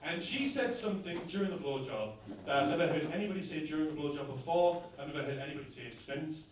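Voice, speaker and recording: Doing stand-up in a club, a young man from the north of England talks fast with lively intonation and keeps checking with the audience, "right?", after each point. The sound comes from a distance in a boomy room with heavy reverb, and the crowd laughs.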